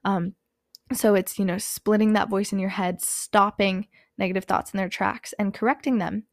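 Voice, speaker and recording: Gravelly young woman, chatty and candid. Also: mid-range voice, fairly even intonation, normal speed, no echo, studio quality. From Hispanic background, country not said. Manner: candid, frequent fillers, says "like" and "um" often. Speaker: podcast host. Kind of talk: casual motivational chat.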